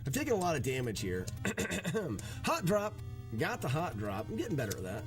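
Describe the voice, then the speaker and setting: A man's voice: a little high, huge pitch swings, normal speed, over music. A man streaming a retro game, chatting casually and talking viewers through his route. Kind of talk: live gameplay commentary.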